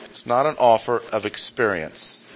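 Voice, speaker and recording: A man's voice: lowish voice, expressive, normal speed, a bit bright, slight background noise. A male pastor preaching a sermon in a church, emphatic, repeating key points and asking rhetorical questions.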